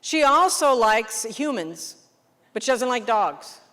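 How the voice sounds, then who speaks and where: A woman English teacher leading a workshop, explaining classroom games in an animated way and checking in with the room often. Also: a little high. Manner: lively, animated teacher, quick questions to the room. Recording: long reverb of a hall.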